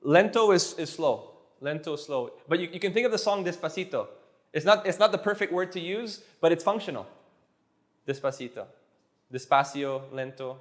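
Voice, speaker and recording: A man teaching a casual one-on-one language lesson, patiently repeating phrases slowly so they sink in. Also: a little high. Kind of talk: casual tutoring session.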